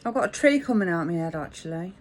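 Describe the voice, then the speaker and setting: A woman's voice: fairly low pitch, expressive, fast talker. A woman, telling a rambling, frank anecdote in a chatty way. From English Midlands. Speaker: vlogger. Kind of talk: casual storytelling monologue.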